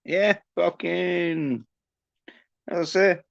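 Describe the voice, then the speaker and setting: A man's voice: high-pitched, very slow, creaky, dry recording. A man hosting a livestream, ranting with constant swearing. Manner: profane, ranting, heavy swearing. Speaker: livestream host. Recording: dull lo-fi stream audio.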